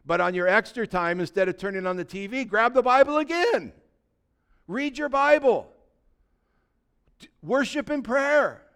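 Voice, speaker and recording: A male pastor preaches a sermon in a high, clear, ringing voice. He exhorts the congregation and swings from hushed asides to loud, fervent calls. He slips in humorous remarks along the way. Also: animated, unhurried, long pauses.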